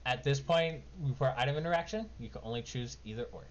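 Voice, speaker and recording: A man's voice: mid-range voice, quick pace. A man running a tabletop game as game master, narrating casually and rambling with lots of fillers. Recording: dull lo-fi mic with faint noise.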